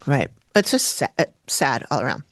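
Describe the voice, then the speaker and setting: A woman co-hosting a podcast, recapping a TV episode in casual chat and jumping in pitch when she quotes people. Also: very animated, normal speed, no room sound, clean studio sound. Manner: chatty, quotes people with sudden pitch jumps. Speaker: podcast co-host.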